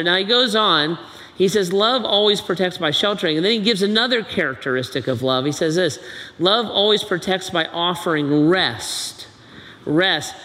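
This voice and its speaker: A man's voice: a little high, sharp tone, in a large hall. A middle-aged man preaching a sermon, telling stories in a loose conversational way, full of fillers and restarts. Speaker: pastor.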